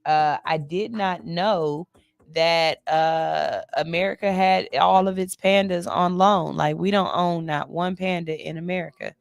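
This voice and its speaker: A woman's voice: on the low side, fairly even intonation, measured pace, vocal fry, no echo, clean studio sound. A woman hosting a morning radio show, reading stories in a loose, chatty way and cursing casually. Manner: chatty, loose, curses casually, yawns between lines. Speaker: radio host. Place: cold studio.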